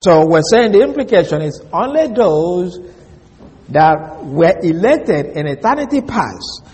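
A man giving a slow, deliberate Bible lesson as a preacher, repeating and spelling out key words. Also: high-pitched, big pitch swings, darkish tone. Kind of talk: expository Bible teaching. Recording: long reverb of a large hall.

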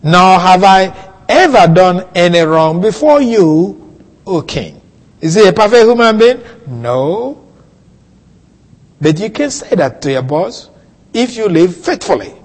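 A man preaching a sermon, teaching slowly through a Bible passage with soft chuckles and questions to his listeners. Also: high voice, very animated, long reverb tail.

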